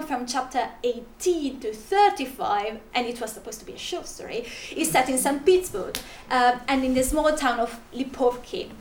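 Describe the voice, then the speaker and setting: A woman's voice: sits high, echoey room, slight background noise. A woman with a Russian accent, presenting an academic paper and reading it with frequent restarts and fillers. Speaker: conference presenter.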